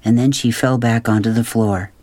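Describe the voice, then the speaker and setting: A man narrating a children's storybook, gentle and expressive. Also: medium pitch, normal speed, dry recording. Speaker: audiobook narrator.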